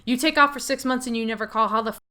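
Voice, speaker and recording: A woman voicing a furious girlfriend in a story game, shouting and cursing sarcastically. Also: fairly high pitch, steady tone, very fast. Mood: yelling.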